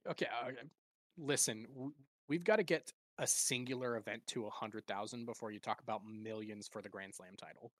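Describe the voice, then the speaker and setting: A man's voice: fairly low pitch, brisk, fairly bright tone, dry recording. Laughing podcast co-host man. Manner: laughing, stumbling over names, self-mocking. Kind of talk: casual chat.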